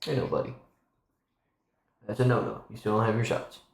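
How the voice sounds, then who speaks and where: A man's voice: fairly low pitch, animated, moderate pace, vocal fry, reverberant. A man live-streaming from home, chatting in a rambling, casual way with lots of restarts. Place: home room.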